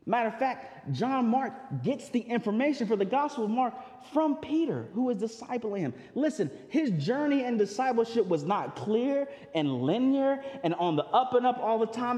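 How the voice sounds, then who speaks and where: A male pastor preaching a sermon in a lively, conversational way. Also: very high voice, moderate pace, hardly any pauses. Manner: animated, conversational, acts out voices and laughs. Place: church sanctuary. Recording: long hall reverb.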